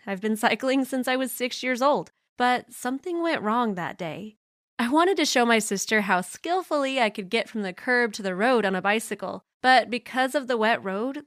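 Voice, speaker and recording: A young woman telling a first-person story in an even, measured scripted reading. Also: fairly high pitch, dry recording, studio quality.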